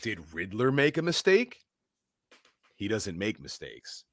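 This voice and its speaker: A man co-hosting a podcast, casually recapping a film scene by scene and acting out the characters' lines in quick put-on voices. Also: fairly low pitch, wildly swooping pitch, a bit bright, no room sound, clean studio sound. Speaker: podcast co-host. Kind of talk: casual movie recap chat.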